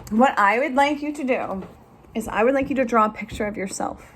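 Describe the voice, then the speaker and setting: A woman teacher reading a picture book aloud to young students, animated and instructive, then giving them a drawing task. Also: fairly high pitch, a little fast, slight background noise, low-quality recording.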